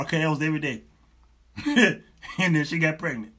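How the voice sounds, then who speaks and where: A middle-aged man hosting a talk show, giving sermon-like advice in an animated, joking, preacherly manner with lots of repetition. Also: fairly high pitch, fairly quick, long pauses, a little hiss or hum.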